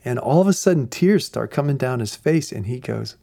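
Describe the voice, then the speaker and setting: A man, a pastor, telling a lively story to his listeners, acting out the voices of the people in it and laughing often. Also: medium pitch, brisk, gravelly, few pauses. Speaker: pastor of a ministry. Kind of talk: storytelling ministry message.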